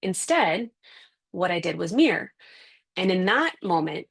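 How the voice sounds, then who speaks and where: A woman parenting coach speaks from home over a video call, her fairly low voice carrying a gravelly rasp. She is chatty and acts out everyday scenes as she explains. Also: very animated, unhurried. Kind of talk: casual interview answer. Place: home with kids and a dog nearby.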